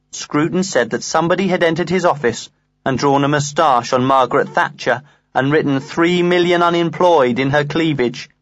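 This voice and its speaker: A man reading a comic diary aloud in the first person, earnest and lively. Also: fairly high pitch, no room sound. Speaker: audiobook reader.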